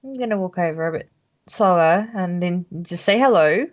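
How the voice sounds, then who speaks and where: A woman playing in a tabletop game, talking in a hesitant, relaxed way with many fillers. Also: fairly low pitch, normal speed, lo-fi sound. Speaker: player. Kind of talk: casual tabletop game play.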